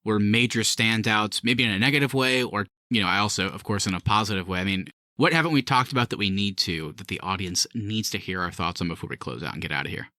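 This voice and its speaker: A man hosting a casual movie review podcast, animated and quick to laugh as he steers the talk. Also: lowish voice, dry recording, clean studio sound. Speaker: podcast host.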